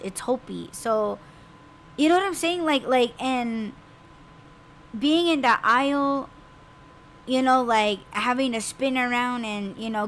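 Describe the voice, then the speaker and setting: A woman podcast host telling a personal story in a halting way, often repeating herself and searching for words. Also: a little high, fairly bright tone, slight background noise.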